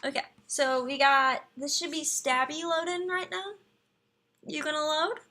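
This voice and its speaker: A woman's voice: sits high, steady tone, unhurried, sharp tone. A young woman hosting a casual live stream, chatting with viewers and reading out game profiles. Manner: chatty, reads viewer chat and profiles aloud, talks to her computer. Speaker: livestream host reviewing game profiles.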